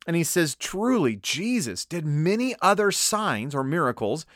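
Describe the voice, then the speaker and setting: A male preacher teaching in a sermon, his voice rising and falling with animated emphasis. He stretches out key words for weight, and the recording sounds close and dry, with no room around it. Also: a little high, measured pace, no echo.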